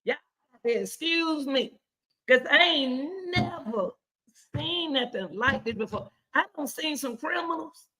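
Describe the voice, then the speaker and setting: A woman hosting casual reaction commentary, excitable and chatty, repeating herself often. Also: high-pitched, slow pace, background noise. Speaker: commentary host.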